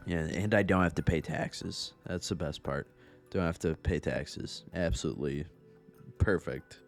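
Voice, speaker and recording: A man's voice: low-pitched, measured pace, vocal fry, soft background music. A young man giving casual, rambling gameplay commentary from home, profane and self-mocking. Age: young adult. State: a bit out of breath. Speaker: gaming YouTuber.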